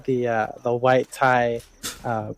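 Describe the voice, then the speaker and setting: A man's voice: mid-range voice, little pitch movement, slow. A young man from Los Angeles, co-hosting a podcast in casual chat, rambling with many fillers and restarts. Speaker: podcast co-host.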